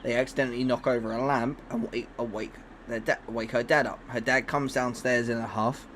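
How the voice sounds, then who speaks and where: A man's voice: mid-range voice, fairly even intonation, fairly quick, fairly bright tone, a little hiss or hum. A man streaming live, chatting casually and rambling with many restarts and fillers. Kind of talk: casual chat on a livestream.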